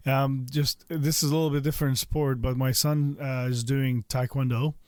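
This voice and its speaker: A middle-aged man at a mid pitch, hosting a podcast in a relaxed, unhurried way. He pauses with "uh" and "like" while gathering his thoughts. The mic sound is dry and close. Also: no echo. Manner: relaxed, hesitant, many "uh" and "like". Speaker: podcast host. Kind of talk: casual podcast conversation.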